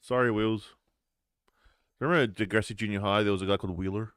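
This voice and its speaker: A man's voice: on the low side, steady tone, quick pace, fairly bright tone, smooth, dry recording, clean studio sound. An Australian man co-hosting a podcast, teasing and bantering in casual chat. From South Australia. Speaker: podcast co-host.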